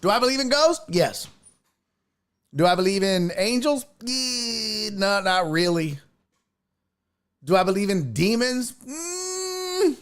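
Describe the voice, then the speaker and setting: A man's voice: slow pace, long pauses, clear, resonant tone. A man hosting a casual sports talk livestream, reading viewer comments aloud and joking around. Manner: animated, jokey, swings pitch wildly. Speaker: sports talk show host.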